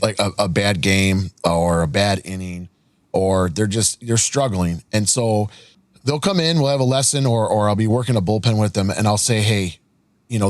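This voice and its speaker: A man who coaches softball pitchers, hosting a podcast and sharing coaching stories in a casual, earnest way. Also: no echo. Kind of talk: conversational interview.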